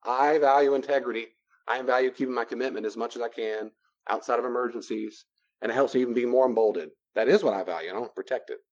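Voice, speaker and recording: A man's voice: medium pitch, quick pace, muffled recording. A man giving a conversational teaching talk on boundaries, animatedly acting out both sides of everyday dialogues. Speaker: Christian counselor teaching on boundaries.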